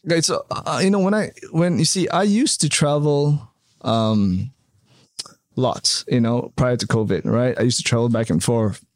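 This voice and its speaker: A man's voice: medium pitch, moderate pace, darkish tone, dry recording, clean studio sound. A man being interviewed in a casual chat, rambling with many fillers and tag questions. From Canada. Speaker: interview guest, hotel developer.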